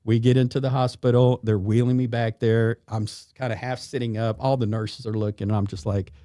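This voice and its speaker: A man's voice: medium pitch, brisk, dry recording, clean studio sound. A middle-aged man, a retired police sergeant telling a story as a podcast guest and acting out the voices in it. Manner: animated, acts out quoted voices. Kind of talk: casual storytelling. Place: studio.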